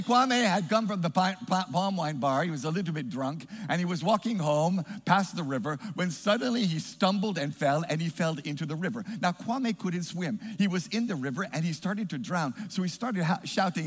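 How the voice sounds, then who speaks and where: A man preaching a sermon in a church, emphatic and rising to shouts as he calls for responses. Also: a little high, expressive, moderate pace, hardly any pauses, big-room sound.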